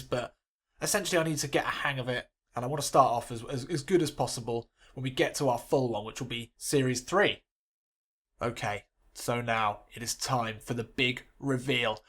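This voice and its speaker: A man's voice: medium pitch, a bit bright. A man hosting a gaming channel, talking in casual, rambling, self-mocking commentary. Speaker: game channel host.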